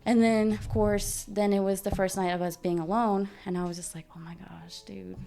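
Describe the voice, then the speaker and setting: Her voice sits in the mid range, dark in tone, flat and fairly quick as this young adult woman shares a personal story as a podcast guest. Chatting casually, she performs the dialogue and leans heavily on "dude" and "like".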